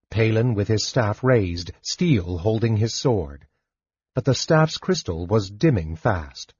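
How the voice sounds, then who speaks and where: A man narrating an audiobook in a slow, expressive reading. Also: fairly low pitch, husky, dry recording, lo-fi sound. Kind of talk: scripted narration.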